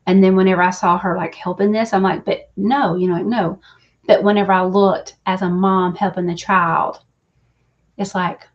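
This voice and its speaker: A woman giving readings on a live show, confiding and emotional, chatting with viewers and laughing easily. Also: fairly low pitch. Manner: emotional, confiding, says y'all, breaks into laughs. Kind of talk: live stream talk with viewers. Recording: slightly dull, lo-fi stream audio.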